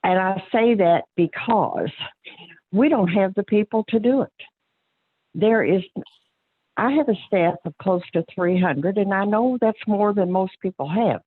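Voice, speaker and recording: A woman's voice: mid-range voice, normal speed, no echo. A woman, a county clerk giving plain-spoken, earnest remarks at a public board meeting, with frequent fillers and restarts. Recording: tinny phone-line audio, dry.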